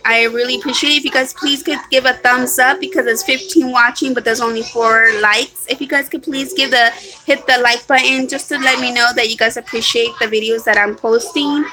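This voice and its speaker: A woman with a bright, slightly high voice chats on a home live stream about her shopping haul. She keeps apologizing and rambles, stopping and restarting her sentences with plenty of ums. It sounds like a phone or webcam mic at home. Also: fairly even intonation, brisk, poor audio. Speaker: vlogger. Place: at home, hot room.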